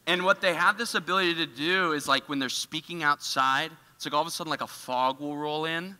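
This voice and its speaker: A man giving a casual, animated storytelling sermon in a church, full of filler words. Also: fairly high pitch, fairly quick, in a large hall. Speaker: church speaker. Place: church auditorium.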